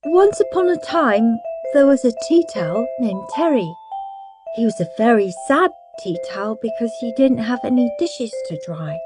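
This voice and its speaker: A woman voicing a well-behaved little boy who is eager and earnest. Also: a little high.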